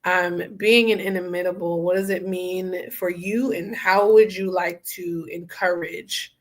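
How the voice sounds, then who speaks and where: A woman hosting a casual interview podcast, talking in an animated, chatty way and acting out inner voices with slang. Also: on the low side, measured pace. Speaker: podcast host.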